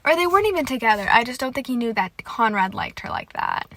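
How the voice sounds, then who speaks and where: A young woman hosting a casual solo podcast, gushing excitedly with lots of "like" and swearing. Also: a little high, fast talker, dry recording. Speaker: podcast host. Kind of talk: casual solo podcast chat about a TV show.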